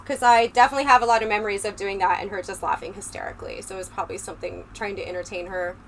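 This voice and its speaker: A woman's voice: steady tone, racing. A woman livestreamer chatting casually and ramblingly with her viewers on a close microphone. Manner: chatty and rambling, talking straight to the chat. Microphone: close desk microphone. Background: low fan hum.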